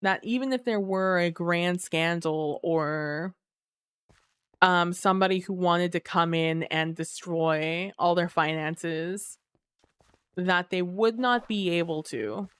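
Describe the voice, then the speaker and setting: A woman streaming a game live, chatting casually with her viewers while she plays, sleepy and relaxed. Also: fairly low pitch, slow pace, smooth, no echo. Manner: relaxed, chatty, muses aloud to chat. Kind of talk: casual live gameplay chat.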